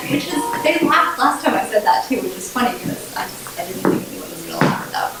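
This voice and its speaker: A woman's voice: sits high, sing-song, normal speed, pauses often, heavy background noise. A woman telling a true story on a small theater stage, candid and wry, laughing at herself. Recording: echoey room recording from far off, with music.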